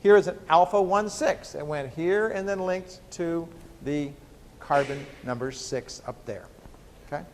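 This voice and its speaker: A man's voice: fairly high pitch, unhurried, darkish tone, slight background noise. A man who is a biochemistry professor, giving a joking university lecture full of rhetorical questions to the class. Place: lecture hall. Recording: reverberant lecture hall.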